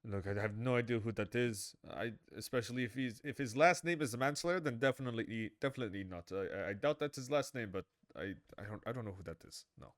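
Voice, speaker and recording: A man's voice: mid-range voice, quick pace, few pauses, dry recording, studio quality. A man playing a tabletop game, stammering and weary as his character. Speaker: player. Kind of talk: casual tabletop play, in-character lines.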